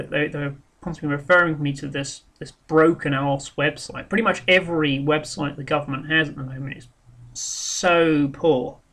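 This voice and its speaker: Bright-voiced rambling man. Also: fairly high pitch. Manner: rambling and frank, with many ums, restarts and swearing. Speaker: vlogger. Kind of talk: casual spoken monologue.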